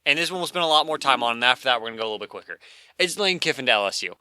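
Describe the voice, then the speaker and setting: Male sports podcast host, rapid and opinionated, bright edge, dry close mic. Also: medium pitch, expressive, clean tone, no room sound. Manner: fast, opinionated, lots of fillers and restarts. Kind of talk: casual sports chat.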